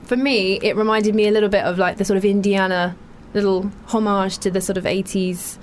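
A woman hosting a radio interview in a casual, playful way, often teasing. Her voice sits in an ordinary middle pitch. Faint ambience can be heard behind her. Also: steady tone, fairly quick, a little hiss or hum. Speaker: radio host.

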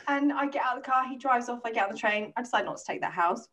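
A woman in her thirties telling a lively, sweary anecdote as a podcast co-host. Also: a little high, racing, recorded from a distance. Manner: swearing, anecdotal, animated retelling with quoted voices. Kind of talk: casual storytelling chat.

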